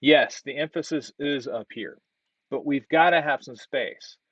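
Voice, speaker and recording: A man's voice: medium pitch, unhurried, a bit bright, no echo, lo-fi sound. A man giving casual design feedback on a student project while working on screen, thinking aloud with lots of fillers and restarts. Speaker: design instructor. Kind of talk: screen-share design critique.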